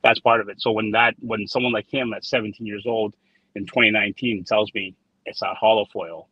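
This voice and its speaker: Husky low-voiced man telling stories. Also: fairly even intonation, a little fast, no echo. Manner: rambling, repeats words, tells anecdotes with quoted dialogue. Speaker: trading card designer, guest. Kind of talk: casual interview storytelling. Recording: dull lo-fi sound, dry.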